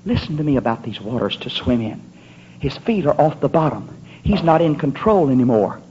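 A man preaching a fervent, rhythmic sermon at a church service, often building up to shouts. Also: mid-range voice, sing-song, fairly quick, husky. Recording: muffled lo-fi recording.

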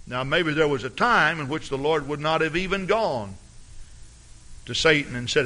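A pastor preaching a sermon with dramatic storytelling and big swings in loudness. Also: male voice, medium pitch, expressive, normal speed.

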